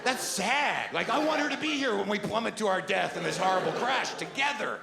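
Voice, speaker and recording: Middle-aged man, stand-up comic, incredulous rants, lively pitch, echoey club, loud audience noise. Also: fairly quick, gravelly, a loud crowd. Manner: incredulous, animated rants with rhetorical questions. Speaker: stand-up comedian. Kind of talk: stand-up comedy storytelling. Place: comedy club stage with live audience.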